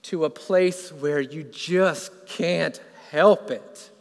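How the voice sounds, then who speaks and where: Male preacher, slightly high voice, lively sermon delivery with long church reverb. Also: very slow, vocal fry. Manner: builds from quiet to loud and fervent; asks the congregation questions.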